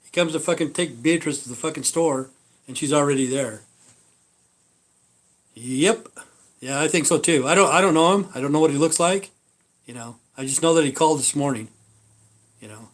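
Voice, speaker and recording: A man hosting a live stream, telling stories in a meandering, profane way. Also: mid-range voice. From Idaho. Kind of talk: rambling casual live-stream chat.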